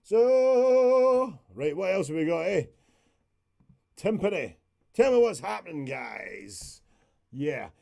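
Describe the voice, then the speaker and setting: A man's voice: sits high, very animated, slow pace, vocal fry, pauses often, dark tone. A man, casually walking through a music production session on a live stream, chatty and rambling with the odd swear word.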